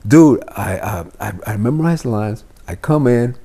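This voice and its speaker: Animated storytelling from a middle-aged man of Cuban family, raised in Miami, his pitch leaping high and dropping low as he plays every character. He talks loosely and swears freely, and his voice sits at an ordinary middle height. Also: normal speed, slightly rough. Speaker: podcast guest, actor. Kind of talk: casual storytelling chat.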